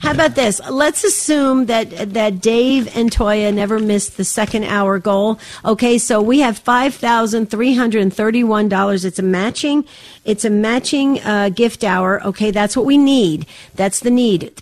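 Woman radio fundraiser host, emotional and pleading, slightly under the weather; bright register, dry close mic. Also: fairly high pitch, measured pace, no room sound. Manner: earnest, emotional, urging listeners. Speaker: radio pledge drive host. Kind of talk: on-air fundraising appeal and storytelling. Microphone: studio microphone.

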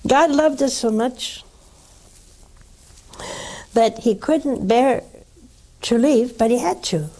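An older nun hosts a call-in religious program, preaching with earnest conviction and counseling callers, often posing rhetorical questions. Her voice is fairly high and warm, and she speaks slowly with frequent pauses.

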